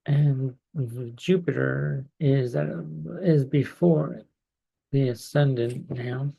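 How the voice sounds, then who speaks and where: This is a man talking through astrology charts on a casual live stream. He speaks very slowly, pausing often and filling gaps with ums. His voice is mellow and dark with a gravelly fry underneath. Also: medium pitch, fairly even intonation. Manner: slow, hesitant, many pauses and fillers. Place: home in California.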